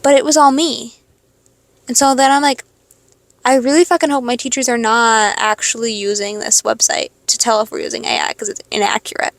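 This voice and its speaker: A high school senior girl in her late teens, rambling casually in a stream-of-consciousness monologue, swearing freely and second-guessing herself. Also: steady tone, brisk, no echo. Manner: rambling, swearing, self-questioning. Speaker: podcast host.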